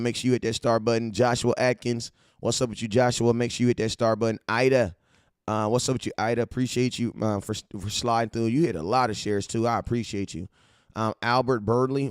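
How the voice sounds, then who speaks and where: A man from California hosting a casual fan-show livestream, hyped and slangy as he shouts out his viewers. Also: mid-range voice, steady tone, brisk, smooth, no room sound, studio quality. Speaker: livestream host.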